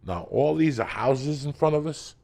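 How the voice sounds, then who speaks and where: A man, hosting a podcast and telling a story loudly, swearing constantly and acting out every voice. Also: on the high side, moderate pace, vocal fry. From North Bergen, New Jersey. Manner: loud, animated, swears constantly, acts out every voice. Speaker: podcast host. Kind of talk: profane storytelling in casual chat.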